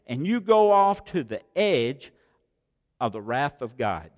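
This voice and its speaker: A man preaching a sermon as pastor, swinging between loud exhortation and hushed asides with many rhetorical questions. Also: on the high side, sing-song, a little slow. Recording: long hall reverb of a large sanctuary.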